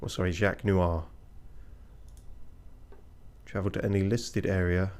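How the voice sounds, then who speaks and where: A man's voice: low-pitched, flat delivery, unhurried, darkish tone. A man giving casual game commentary, muttering wry asides as he plays. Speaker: let's play streamer.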